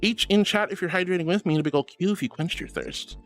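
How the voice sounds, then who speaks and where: A man's voice: high-pitched, quick pace, soft background music. A bubbly, affectionate man streaming and chatting casually as he reads out viewer messages. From Florida. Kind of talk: casual chat reading messages.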